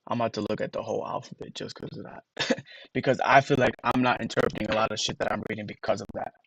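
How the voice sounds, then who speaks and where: A man's voice: on the low side, steady tone, quick pace, creaky, fairly bright tone, no echo, low-quality recording. A man on a casual livestream, rambling to his chat and sounding out words letter by letter with emphatic disbelief.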